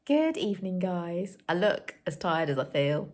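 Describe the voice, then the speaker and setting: A woman's voice: fairly low pitch, sing-song, unhurried, loud music behind the voice. A young woman chatting casually to camera as a riding instructor, talking about her day with a chatty, self-mocking manner. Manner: chatty, warm-hearted, laughs at herself. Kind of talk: casual vlog chat to camera. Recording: noisy outdoor recording.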